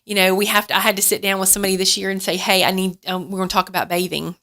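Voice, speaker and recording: A woman's voice: mid-range voice, flat delivery, very fast, sharp tone. A woman guest on a radio talk show, telling a story earnestly with many restarts. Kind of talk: casual radio chat.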